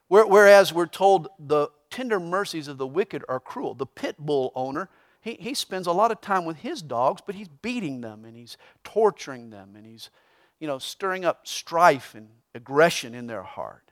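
A man preaching a verse-by-verse sermon, reading scripture and mixing in humor and a joke told with rising excitement. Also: fairly high pitch, measured pace. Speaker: pastor.

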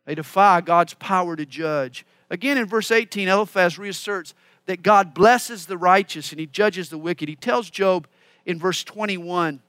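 A man with a high, bright voice delivers a sermon, working through scripture verse by verse and stopping to explain it. The sound is dry and close. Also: moderate pace, no room sound. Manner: expository Bible teaching with asides. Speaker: preacher.

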